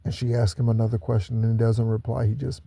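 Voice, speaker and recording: Man, gravelly, very dark tone, dry close sound, preachy solo spiritual talk. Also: medium pitch, level tone, no room sound. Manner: preachy, repeats himself, slow stressed asides. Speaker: spiritual channel host.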